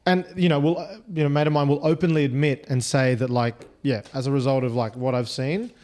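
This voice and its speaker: Fast-talking man, quick restarts. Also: mid-range voice, fairly even intonation, darkish tone. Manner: quick, restarting and repeating words. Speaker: podcast co-host. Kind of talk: casual chat.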